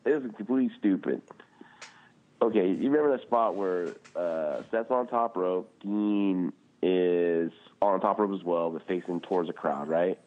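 A low-voiced man co-hosting a casual podcast, sounding squeezed and tinny as if over a phone line. He rants with heat, drops curses freely and leans on "like" between thoughts. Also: moderate pace. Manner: animated, swearing, frequent "like" fillers. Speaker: podcast co-host. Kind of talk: casual chat.

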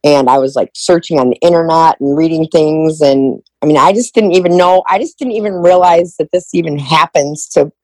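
A woman's voice: low voice, brisk, hardly any pauses, a little mellow, dry recording, rough recording. A middle-aged woman as a podcast guest, telling a personal story with candid emotion and often acting out past conversations.

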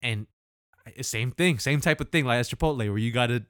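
A man's voice: mid-range voice, a little fast, a bit bright, clean tone, no echo, studio quality. A man co-hosting a podcast, telling stories in casual chat, slangy and laughing often. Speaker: podcast co-host.

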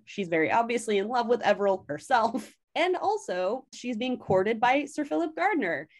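A woman casually recapping a story as a podcast host, chatty, animated and fond of swearing. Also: medium pitch.

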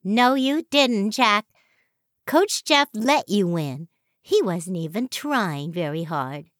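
A woman's voice: medium pitch, animated, slow pace, no echo, clean studio sound, voice pushed up. A woman voicing a bossy ten-year-old girl who acts like a big sister in a storybook reading. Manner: bossy, correcting.

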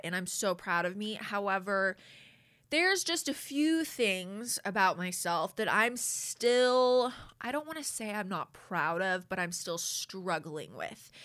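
A woman's voice: lowish voice, pushed and bright. A woman podcast host talking candidly and casually to her listeners, swearing freely and often saying "you guys".

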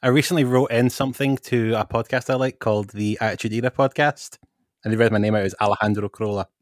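A man's voice: on the low side, fairly even intonation, quick pace, no room sound, studio quality. A Scottish man from Scotland, a guest on a gaming podcast, talking in an easygoing, rambling way. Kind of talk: casual podcast chat.

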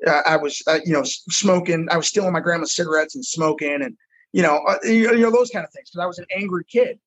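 A middle-aged American football coach tells his own life story in conversation, frank and earnest, repeating words as he goes. His voice is on the high side, a bit bright and husky, and he talks fast. The recording is rough.

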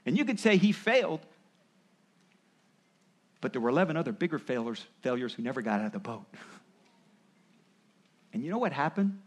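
A man's voice: mid-range voice, moderate pace, pauses often. A man preaching a sermon, explaining and acting out quoted voices as he goes. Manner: animated, acts out voices of parents and Jesus. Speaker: pastor.

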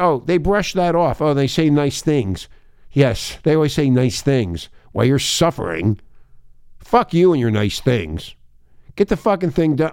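A man's voice: a little high, darkish tone, smooth, dry recording, clean studio sound. A man hosting talk radio who rants in a profane, emphatic and confrontational way. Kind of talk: ranting talk radio monologue.

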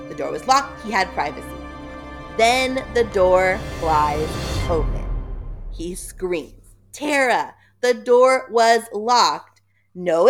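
A woman with a fairly low voice co-hosting a podcast, retelling a book with animated, giggly energy. Faint music plays behind her. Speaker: podcast co-host recapping a book. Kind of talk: casual comic retelling.

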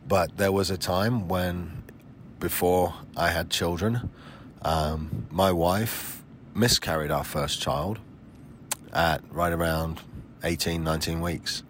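A man's voice: low-pitched, a little hiss or hum. A man in his forties hosting a solo podcast, talking in a blunt, emphatic way with frequent swearing. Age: 40s. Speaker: podcast host.

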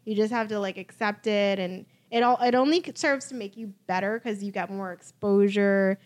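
A young woman, a guest on a podcast, talking casually and telling stories with lively exclamations. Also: medium pitch, moderate pace. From The Bahamas. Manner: animated, exclaiming storyteller. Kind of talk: casual chat.

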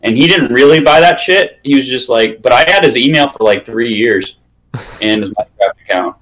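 A man's voice: mid-range voice, fairly quick, a bit bright, low-quality recording. A man in casual chat, telling rambling stories and swearing often. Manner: swears a lot, loose rambling storytelling.

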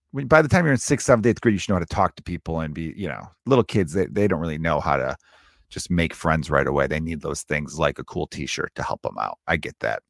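A man's voice: fairly low pitch, vocal fry, no room sound, studio quality. A man in his thirties, a comedian hosting his own show, rambling profanely through a casual comic monologue and acting out little scenes. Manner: rambling, profane, acts out quoted voices. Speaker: comedian podcast host.

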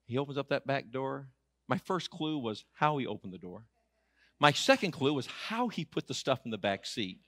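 A man's voice: medium pitch, normal speed, no room sound, studio quality. A middle-aged man, preaching a sermon in an auditorium through humorous, emphatic personal stories. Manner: animated, humorous, emphatic storytelling. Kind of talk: storytelling sermon.

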